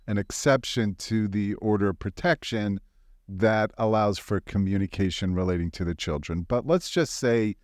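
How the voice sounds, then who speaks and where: A man's voice: fairly low pitch, a little mellow, no room sound, studio quality. A man hosting a legal podcast, asking long, lawyerly clarifying questions. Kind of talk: podcast interview.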